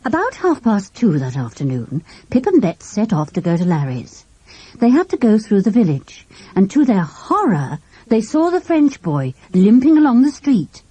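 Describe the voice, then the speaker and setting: Storybook narrator, woman, animated reading, mellow husky tone. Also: mid-range voice, normal speed, no room sound, poor audio. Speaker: audiobook narrator.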